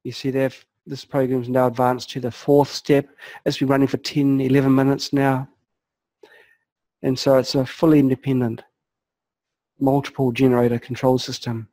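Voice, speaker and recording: Calm man walking through software steps. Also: medium pitch, normal speed, dry recording, low-quality recording. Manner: calm, methodical, narrates each click. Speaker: software tutorial presenter. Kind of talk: screen-recorded software walkthrough.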